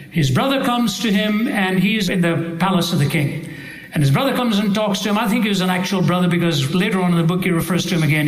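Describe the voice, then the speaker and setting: A middle-aged preacher with a notably high voice delivers an emphatic, rhetorical sermon. He races through some phrases and leans slowly on others. His voice rings with the roomy echo of a large hall. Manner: emphatic, rhetorical, shifts between rapid bursts and slow deliberate stresses.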